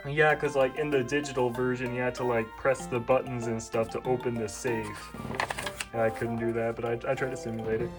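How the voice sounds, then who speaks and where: A young YouTuber of about twenty talks casually and pokes fun at their own past. The delivery rambles, with quick asides and restarts, over faint background music. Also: medium pitch, little pitch movement. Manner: rambling, self-mocking. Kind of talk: casual commentary, reading childhood books.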